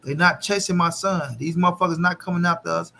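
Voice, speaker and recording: Bright-voiced man chatting on a live stream. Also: fairly high pitch, steady tone, quick pace, gravelly, slight background noise. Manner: loose, profane, talks back to chat. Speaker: boxing channel host. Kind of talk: casual live-stream chat.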